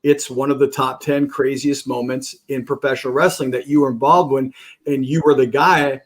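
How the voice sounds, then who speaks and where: A man's voice: mid-range voice, fairly even intonation, normal speed. A man hosting a casual podcast interview, eager and often restarting his sentences.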